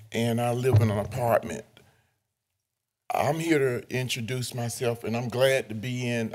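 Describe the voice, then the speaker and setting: An older man speaks at a city council meeting during public comment. His delivery is earnest and halting, with frequent pauses and fillers. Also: medium pitch.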